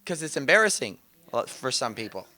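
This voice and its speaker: A man teaching about inner healing in a casual, conversational way, telling animated stories and laughing often. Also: medium pitch, fairly quick. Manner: animated storytelling, quotes others, laughs often.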